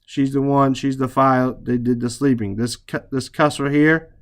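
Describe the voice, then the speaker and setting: A man with a medium-pitched voice and steady tone gives a patient, slow Arabic reading lesson. He translates the lines, explains the grammar, repeats words, and spells out letters.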